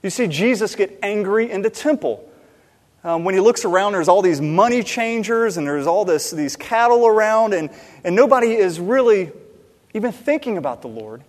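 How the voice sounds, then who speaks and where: A man delivers a sermon with an animated, slightly high voice. He swings from loud emphasis to hushed, quiet asides. His voice carries with a long reverb through a church sanctuary. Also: moderate pace. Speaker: pastor. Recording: long reverb in a large hall.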